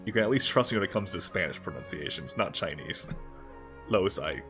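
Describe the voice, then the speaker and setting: A man with a low, deep voice chats casually through a game livestream. He jokes around and swears offhandedly as he plays. Faint music plays behind him. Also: animated, moderate pace. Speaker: VTuber game streamer. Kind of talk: casual gameplay livestream commentary.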